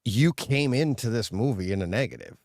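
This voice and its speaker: A man's voice: mid-range voice, expressive, brisk, creaky, a little mellow, no room sound, studio quality. A man co-hosting a live home theater show, talking in a conversational, hesitant way with frequent restarts. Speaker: podcast co-host. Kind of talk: casual live-stream chat.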